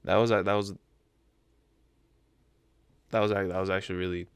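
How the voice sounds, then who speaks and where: A young man hosting casual reaction commentary, joking and animated, often restarting his phrases. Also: low-pitched, moderate pace, slight background noise. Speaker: reaction channel host. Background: faint background music.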